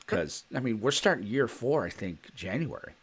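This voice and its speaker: A man's voice: mid-range voice, lively intonation, normal speed, gravelly, husky. A man co-hosting a podcast in casual chat, rambling through stories and laughing often. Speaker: podcast co-host.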